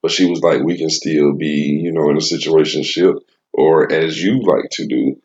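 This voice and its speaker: A man's voice: a bass voice, fairly even intonation, normal speed, a little mellow, muffled recording. A young man co-hosting a casual chat, blunt and crude, joking and laughing often. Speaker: podcast co-host.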